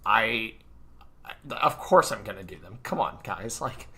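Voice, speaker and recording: A man's voice: on the low side, expressive, a little slow, sharp tone. A man with a stuffy nose, hosting a live reading of his book from his own room into a computer mic, talking casually with lots of fillers and self-deprecating asides. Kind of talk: casual livestream chat. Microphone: computer mic at his desk.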